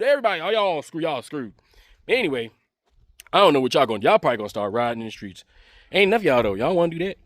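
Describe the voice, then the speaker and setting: A man's voice: high-pitched, very animated, fairly quick, fairly bright tone, no room sound, clean studio sound. A man giving a taunting, mocking political commentary rant to camera, repeating his jabs over and over. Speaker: online commentator.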